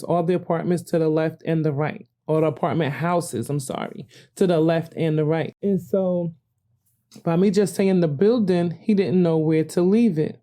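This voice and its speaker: An older woman, hosting a podcast and telling a story in a rambling, animated way with frequent self-corrections. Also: lowish voice. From New Jersey. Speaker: podcast host. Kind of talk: casual storytelling monologue.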